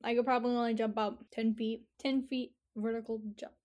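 A woman's voice: fairly high pitch, little pitch movement, darkish tone. Giggly young woman chatting. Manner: giggly, teasing, quick interjections. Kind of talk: casual chat.

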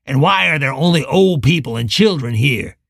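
A man's voice: medium pitch, lively intonation, moderate pace, gravelly, a bit bright, no room sound, clean studio sound. A man voicing a hot-tempered, scarred rancher gunman who spits and hisses his words. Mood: vicious. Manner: angry, spitting, hissing.

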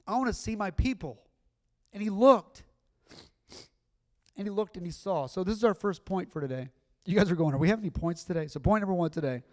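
A man's voice: high voice, brisk. A middle-aged man preaching a sermon in a conversational, earnest way, with bursts of emphasis. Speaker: pastor.

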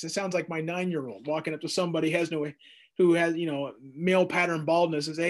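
A man in his thirties teaching verse by verse through scripture in a jokey, animated way, acting out the quotes. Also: on the high side, quick pace. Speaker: Bible teacher.

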